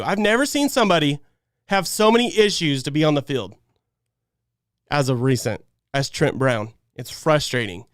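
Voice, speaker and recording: Frustrated man ranting, smooth clear voice. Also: expressive, fairly quick, no room sound, studio quality. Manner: frustrated, ranting, swings between loud outbursts and low muttering. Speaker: fan podcast host. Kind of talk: post-game fan rant on a livestream.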